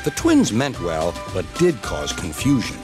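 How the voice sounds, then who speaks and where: A male storyteller reading a children's tale with a very lively, swooping delivery. His pitch sits mid-range, and music plays clearly underneath. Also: a little slow. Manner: expressive, storytelling. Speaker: narrator. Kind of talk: scripted storybook narration. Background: background music.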